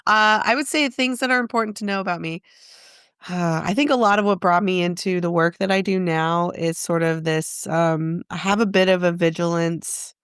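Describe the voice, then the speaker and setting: A woman's voice: fairly low pitch, moderate pace, fairly bright tone, clear, resonant tone, no echo, clean studio sound. A woman guest in an interview, a therapist, talking in a reflective, self-questioning way and laughing often. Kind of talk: casual interview conversation.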